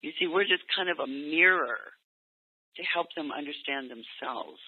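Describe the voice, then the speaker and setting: A man's voice: a little high, moderate pace, husky. Man coaching over a tinny phone line. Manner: gentle, acts out parent and teen lines in quotes. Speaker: parenting coach. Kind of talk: coaching session over a call.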